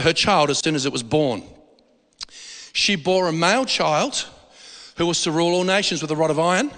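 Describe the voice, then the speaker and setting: A man preaching a sermon in a church hall, animated and jokey, asking the congregation questions. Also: sits high. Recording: long hall reverb.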